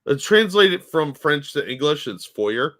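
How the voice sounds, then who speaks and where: Blunt man with a bright voice. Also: a little high, animated, normal speed. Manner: blunt, profane quips. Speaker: podcast co-host. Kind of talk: casual chat.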